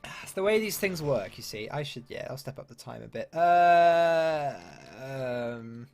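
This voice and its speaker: A man's voice: fairly high pitch, expressive, measured pace, gravelly, darkish tone. A man from England commenting casually on a strategy game, thinking aloud and muttering asides. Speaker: let's play gamer. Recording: faint game music behind.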